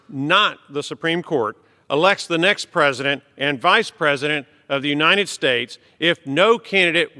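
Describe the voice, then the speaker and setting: A middle-aged man, a congressman, giving a formal prepared speech from the floor in a measured, emphatic way. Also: on the high side, pushed and bright. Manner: measured, emphatic delivery of a written text. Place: large legislative chamber. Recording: long reverb of a large hall.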